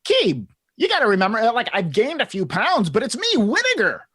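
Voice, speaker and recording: A man's voice: very high voice, huge pitch swings, fairly quick, a bit bright, husky, no echo, pitched above the performer's own voice, heavily acted. A man playing an earnest male junkyard worker in a tabletop game, speaking in a dry, close voice. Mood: pleading.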